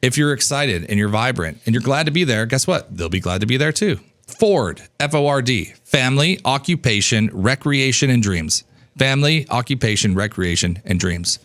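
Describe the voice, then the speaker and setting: A man in his thirties teaching business coaching in an energetic, casual way, acting out snippets of dialogue and swearing now and then. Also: a little fast. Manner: animated, acts out dialogue in a higher voice, casual swearing.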